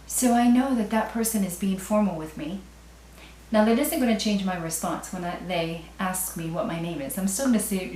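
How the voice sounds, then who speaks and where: Female teacher, patient step-by-step explainer, mid-pitched, recorded at a distance in a reverberant room. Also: darkish tone. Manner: explains step by step, repeats example phrases slowly. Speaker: French teacher. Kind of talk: classroom language lesson. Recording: echoey room, voice away from mic.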